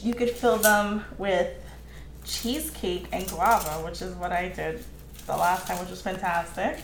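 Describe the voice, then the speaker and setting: A woman's voice: on the low side, steady tone, unhurried, slight background noise. A woman chatting casually while she cooks in her home kitchen, laughing often and reading out viewers' comments. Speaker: home cook live-streaming. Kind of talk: casual cooking stream chat. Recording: echoey kitchen with faint clatter.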